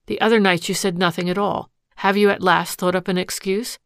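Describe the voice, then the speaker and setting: A woman voicing a hurt, bitter young wife who speaks in sharp, accusing outbursts. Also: medium pitch, steady tone, a little fast, dry recording, clean studio sound, close to an everyday voice. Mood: defiant.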